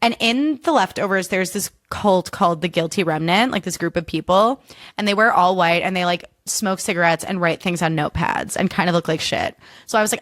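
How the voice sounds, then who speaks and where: A woman's voice: lowish voice, animated, a little fast, a bit bright, no room sound, clean studio sound. Chatty, swearing woman podcast host. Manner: candid, chatty, swears freely. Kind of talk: casual solo podcast chat.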